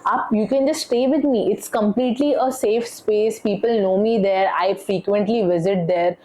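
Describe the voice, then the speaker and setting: A woman's voice: mid-range voice, brisk, dark tone, a little hiss or hum, lightly acted, rough recording. A young woman with an Indian English accent, quoting a smug, pushy middle-aged male manager who mixes Hindi into his English.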